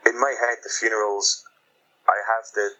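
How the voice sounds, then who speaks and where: A man with a low-leaning voice and a very bright, forceful edge co-hosts a book podcast. He rambles casually and slips into acting out lines as he talks. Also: steady tone, moderate pace, poor audio. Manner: rambling, acts out quoted lines. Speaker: podcast co-host. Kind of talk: casual book review chat.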